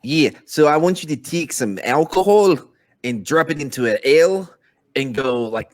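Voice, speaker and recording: A man's voice: a little high, normal speed. A man playing a tabletop game, joking around and trying out an accent for his character. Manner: jokey, animated, attempts a put-on accent. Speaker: player. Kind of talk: casual tabletop game play.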